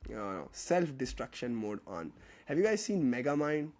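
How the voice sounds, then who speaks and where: Chatty young tutor. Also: male voice, medium pitch, big pitch swings, normal speed, darkish tone. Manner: chatty, joking, reads out chat questions. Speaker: chemistry tutor. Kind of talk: casual online class with student Q&A. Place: online class.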